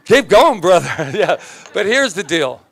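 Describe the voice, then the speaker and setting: A man's voice: high-pitched, very animated, a little slow, gravelly, a bit bright. A man preaching a sermon as minister, emphatic and joking, often laughing as he talks.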